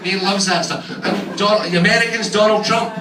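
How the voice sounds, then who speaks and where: Middle-aged Scottish stand-up, crude and punchy, slightly raised pitch, echoey club with a crowd. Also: male voice, steady tone, normal speed. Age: 40s. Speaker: stand-up comedian. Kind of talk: stand-up comedy set. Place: comedy club stage in a bar. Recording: echoey room from far off, crowd. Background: audience laughter.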